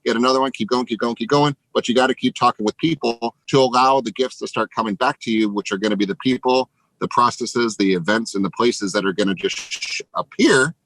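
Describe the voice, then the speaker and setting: A man giving an energetic motivational pep talk to real estate agents, emphatic and casually profane. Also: mid-range voice, fairly quick, no echo, rough recording. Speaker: real estate team leader.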